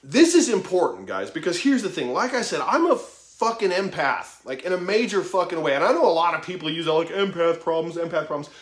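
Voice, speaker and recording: A man's voice: high voice, big pitch swings, fairly quick, hardly any pauses. A man in his thirties giving a blunt, profane motivational talk, open and emphatic about his own weaknesses. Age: 30s. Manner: blunt, heavy swearing, emphatic, self-revealing. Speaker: motivational vlogger. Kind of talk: profane motivational monologue to camera. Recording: echoey room.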